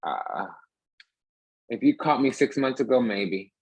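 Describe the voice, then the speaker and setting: A man's voice: medium pitch, animated, slow pace, husky, no room sound, highs cut off. A man giving a rambling, emphatic casual tarot reading, talking restlessly from card to card. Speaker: tarot reader.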